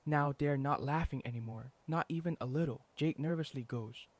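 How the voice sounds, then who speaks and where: Deadpan male storyteller with dramatic pauses. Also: medium pitch. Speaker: narrator. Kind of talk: comedic first-person storytelling.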